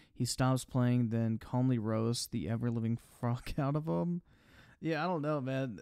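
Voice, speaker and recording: A man's voice: medium pitch, darkish tone, smooth, no echo, studio quality. A man doing casual livestream commentary on clips, mocking and sarcastic, swearing freely while reading out chat donations. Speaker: streamer reacting to clips.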